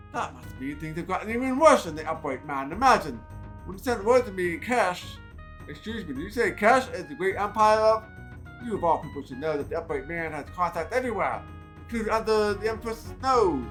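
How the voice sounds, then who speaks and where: A man's voice: high voice, bright, forceful tone. A man reading the long expository lines of a character in a role-playing game. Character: male agent questioning an old informant.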